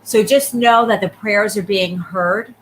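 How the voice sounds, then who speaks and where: A woman giving a live psychic reading, talking quickly and checking in often with the person she reads for. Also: mid-range voice, slight background noise, rough recording. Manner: rapid, repeatedly checking in with the sitter. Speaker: psychic medium.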